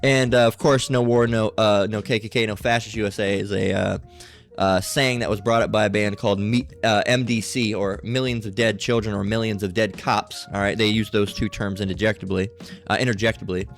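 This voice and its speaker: A man's voice: on the low side, steady tone, a little fast, gravelly, faint music behind. A man giving a rambling religious commentary monologue in a mocking tone, often checking in with "all right?".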